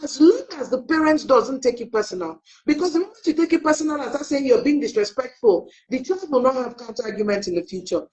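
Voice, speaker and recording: A woman's voice: sits high, fast, few pauses. A middle-aged woman, a parenting coach, telling family stories on a live online talk and acting out the dialogue. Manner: animated storyteller who acts out quoted dialogue. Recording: dull lo-fi audio.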